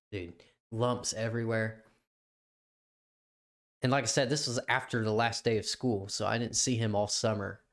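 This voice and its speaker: A young man co-hosting a podcast, telling a story in a rambling, profane way and laughing often. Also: medium pitch. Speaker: podcast co-host. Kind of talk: casual chat.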